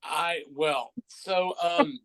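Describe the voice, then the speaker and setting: A man co-hosting a radio chat, giving measured, thoughtful opinions. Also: a little high, fairly even intonation, a crowd in the background, low-quality recording. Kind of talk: casual chat.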